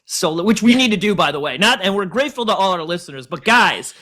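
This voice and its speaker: An American man hosting a podcast in casual chat, joking and self-mocking with quick asides. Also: sits high, animated, pushed and bright. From United States. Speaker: podcast host.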